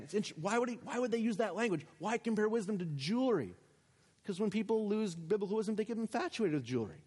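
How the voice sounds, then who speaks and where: A male pastor preaching a sermon, animated, acting out imagined speakers and slowing down to read scripture. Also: high-pitched, long reverb tail.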